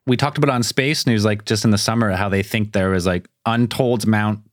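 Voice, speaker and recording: Low-voiced man riffing, dry sound. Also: no room sound. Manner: playful, speculative, quick to joke. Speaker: podcast co-host. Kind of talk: casual podcast chat.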